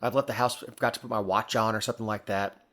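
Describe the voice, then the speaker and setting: A man's voice: fairly low pitch, fairly even intonation, fast talker, a bit bright. A man co-hosting a podcast, talking casually about the news with dry, wry asides and repeated words. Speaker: podcast co-host.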